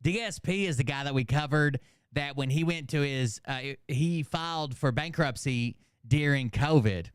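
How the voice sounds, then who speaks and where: A man talks through online drama in a loose, rambling, sarcastic way, swearing freely. His voice sits a bit high for a man and comes through smooth and resonant. The mic is close and dry. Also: moderate pace, no room sound. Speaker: commentary channel host. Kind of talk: casual reaction commentary.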